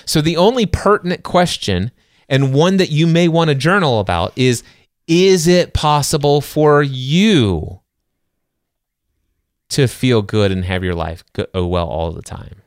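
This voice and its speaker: A man's voice: mid-range voice, animated, a little slow, no room sound, clean studio sound. A middle-aged man co-hosting a casual book-discussion podcast, talking earnestly about faith and acting out his inner dialogue with emphasis. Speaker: podcast co-host.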